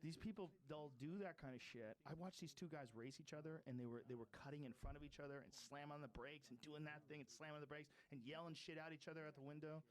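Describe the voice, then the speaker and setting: A man in his forties in casual podcast chat, swearing freely and acting out shouted quotes. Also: a little high, fast talker, hardly any pauses. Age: 40s. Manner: profane, animated, acts out shouted quotes.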